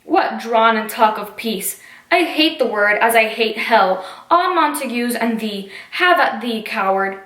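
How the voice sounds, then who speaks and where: A woman's voice: fairly high pitch, animated, measured pace, a bit bright, reverberant. A woman reading the lines of a hot-headed young male swordsman spoiling for a fight, in plain verse. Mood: hostile. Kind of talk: reading a play aloud in class.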